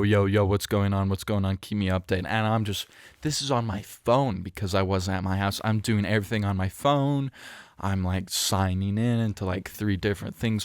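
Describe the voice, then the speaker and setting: Young guy rambling thru a podcast story, lowish voice, super clean and dry on the mic. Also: no echo. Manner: rambling, self-correcting, with many fillers. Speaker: podcast host. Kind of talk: casual storytelling chat. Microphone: studio mic close up.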